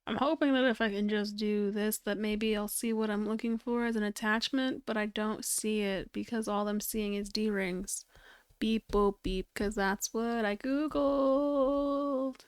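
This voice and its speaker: A woman's voice: medium pitch, fairly even intonation, measured pace, hardly any pauses, clean tone, dry recording, clean studio sound. A woman streamer chatting casually while crafting, rambling and searching for words, with playful sound effects.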